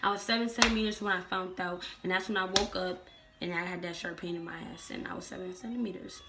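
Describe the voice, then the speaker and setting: A woman's voice: fairly low pitch, fairly even intonation, quick pace, music in the background. A young woman telling her own story in a casual, blunt and profane way, acting out the people in it. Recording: distant mic with faint background noise.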